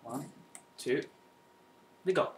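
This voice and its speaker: Young guy gaming, slow mutters then yelps, echoey room, mic kinda far off. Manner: frustrated muttering with sudden outbursts. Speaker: gamer. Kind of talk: gameplay commentary. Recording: echoey room, mic at a distance, faint noise.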